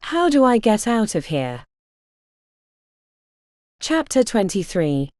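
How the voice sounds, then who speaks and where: A woman narrating an unabridged fantasy audiobook in an expressive, measured storytelling manner. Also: mid-range voice, dry recording, studio quality.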